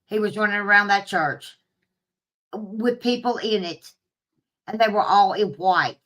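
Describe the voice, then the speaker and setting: A woman telling a story to her viewers in a casual, animated way, swearing freely and laughing at herself. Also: medium pitch, measured pace. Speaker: streamer talking to live chat.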